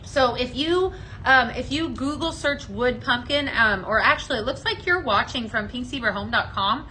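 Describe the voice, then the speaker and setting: A woman with a bright, forceful voice, pitched a little high, hosts a live shopping show from a studio set. Her delivery is upbeat and chatty as she demos products and calls out viewers by name. Faint noise sits behind her. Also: animated, moderate pace, poor audio. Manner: chatty and upbeat, selling, reading viewer comments aloud. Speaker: host of a live home fragrance sales show. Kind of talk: live on-air product demo chat. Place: studio set under hot lights.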